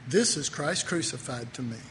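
A man with a mid-range, fairly bright voice and lively intonation preaches at a moderate pace. His sermon wanders conversationally as he stops himself mid-thought and chuckles at his own asides. The sound is echoey, like a hall, with faint noise.

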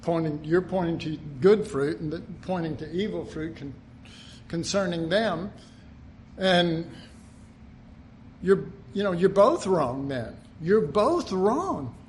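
A man's voice: fairly high pitch, a little mellow, a little hiss or hum. An older man preaching a conversational sermon, folksy, stretching out his emphatic phrases and acting out what people say. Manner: folksy, acts out quotes, drawn-out emphatic phrases.

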